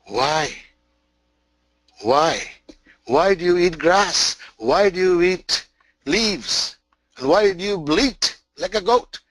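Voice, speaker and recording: A majestic, patient male lion, as a man voices him while telling a story, asks emphatic questions. The voice is bright and forceful, and it moves slowly. It sounds close and dry. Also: sits high, animated, no echo, voice pushed up, full character voice. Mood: challenging.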